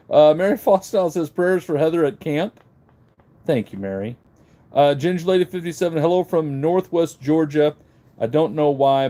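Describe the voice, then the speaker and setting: A man's voice: mid-range voice, mellow. A middle-aged man hosting a live online auction stream, chatting casually and greeting viewers by name, his mouth a bit numb after dental work. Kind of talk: casual livestream chat, reading viewer comments. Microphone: handheld phone camera.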